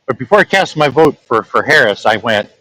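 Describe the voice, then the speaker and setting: A man's voice: medium pitch, lively intonation, fairly quick, noisy background. A man, a truck-driving vlogger, telling a story in a rambling, chatty way and chuckling at his own tales. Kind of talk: casual storytelling.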